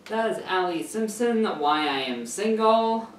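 Reading a fan story casually on his channel, a man rambles, uses many fillers and keeps correcting himself. He speaks in a mid-range voice at normal speed with few pauses, recorded far from the camera mic in an echoey room.

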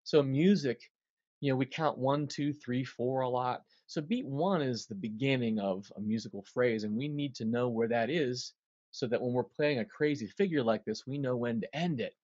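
A man's voice: medium pitch, moderate pace, no echo, highs cut off. A man, a drummer, telling a story in an interview and acting out the quotes. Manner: animated storyteller, acts out quotes.

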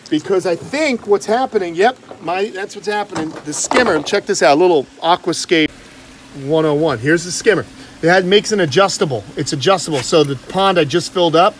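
Chatty guy with a fairly high voice doing a live stream by his pond, faint outdoor hum behind. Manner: upbeat, joking, reads viewer comments aloud. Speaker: reptile channel host. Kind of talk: casual live stream chat.

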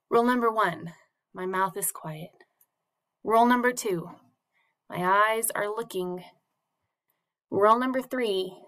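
A woman teacher runs a morning classroom routine for young children, patiently prompting them in a sing-song way. Her voice is mid-range and a bit bright. The setting is a classroom or a home teaching space.

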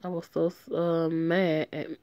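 A woman's voice: low-pitched, level tone, measured pace, warm tone, dry recording, lo-fi sound. A woman voicing a tender, remorseful young male gang member as she reads a story game aloud in an earnest, emotional way.

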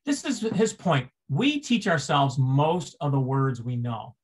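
A man's voice: mid-range voice, very animated, unhurried, husky. A man giving a seminar lecture, explaining step by step, asking rhetorical questions and restarting phrases as he goes.

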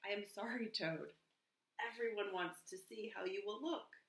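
A woman's voice: mid-range voice, moderate pace, a bit bright, roomy sound, close to an everyday voice. Kind friendly frog, read by a woman. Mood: gentle. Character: kind cheerful male frog.

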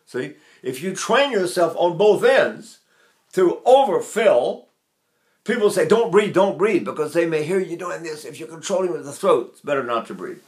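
An eighty-three-year-old man teaches singing technique, talking casually and showing each breathing step as he goes. His speaking voice sits a little high for a man, and he keeps talking even while holding a full breath. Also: normal speed. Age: 80s. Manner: chatty, demonstrative, holds breath while talking.

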